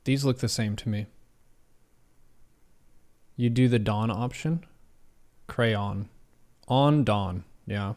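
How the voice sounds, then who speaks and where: A man's voice: on the low side, slow pace, long pauses, darkish tone. A man streaming live, reading quiz questions aloud and musing over each answer in a casual way. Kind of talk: casual livestream commentary.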